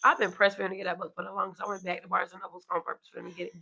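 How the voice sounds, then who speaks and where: A woman's voice: lowish voice, level tone, very fast, vocal fry, bright, forceful tone. A woman in her thirties co-hosting a podcast, talking candidly and emphatically in casual chat. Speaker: podcast co-host.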